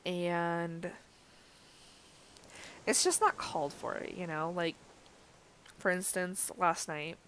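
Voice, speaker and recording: Young woman vlogger, casual anecdote, lowish pitch, faint room ambience. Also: fairly even intonation, slow pace, pauses often, a bit bright, a little hiss or hum. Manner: chatty, many fillers and laughs. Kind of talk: casual storytelling vlog.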